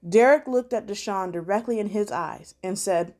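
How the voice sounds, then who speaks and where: A woman reading a Christmas story aloud at a church, calm and measured. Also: mid-range voice.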